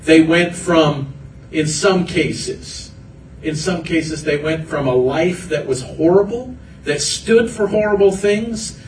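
A man's voice: fairly high pitch, slow, recorded from a distance, a little hiss or hum. Man preaching a sermon in an echoey hall. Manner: earnest preaching with repeated phrases. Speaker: pastor. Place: church hall.

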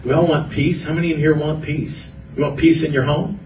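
A man's voice: a little high, flat delivery, fairly quick, a little mellow, recorded from a distance, slight background noise. Man preaching a sermon in an echoey hall. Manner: earnest preaching with repeated phrases. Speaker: pastor. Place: church hall.

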